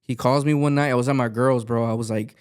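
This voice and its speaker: A man's voice: medium pitch, fairly even intonation, fast talker, darkish tone, clear, resonant tone. A man, a podcast guest and music artist, telling a rambling story in a casual chat, full of fillers and swearing, acting out the lines he quotes.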